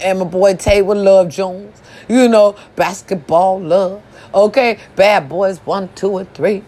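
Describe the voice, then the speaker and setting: A woman ranting casually about people online, profane and animated, often jumping to high squeals. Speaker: social media commentator. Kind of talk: casual reaction rant.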